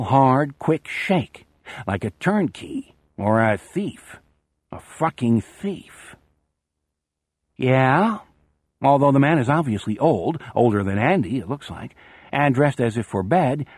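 A husky male narrator reading fiction aloud, measured yet lively in pitch. The sound is dry and close, with no room around it. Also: no room sound. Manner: measured storytelling, salty phrasing. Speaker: audiobook narrator. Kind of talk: scripted narration.

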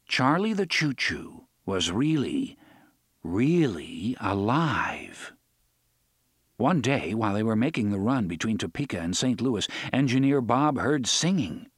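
A man reading an audiobook as narrator, with expressive, varied storytelling. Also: mid-range voice, slightly rough, no echo, studio quality. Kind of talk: scripted narration.

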